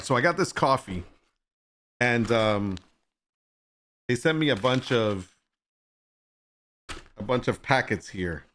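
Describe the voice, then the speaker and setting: A man's voice: medium pitch, fairly bright tone, a little hiss or hum. A man hosting a casual livestream chat, joking with and teasing viewers and greeting them by name. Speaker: livestream host.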